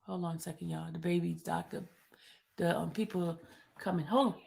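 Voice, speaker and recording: A woman's voice: on the low side, steady tone, moderate pace, gravelly, darkish tone. A woman hosting a livestream from home, chatting casually with viewers and calling them y'all. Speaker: livestream host.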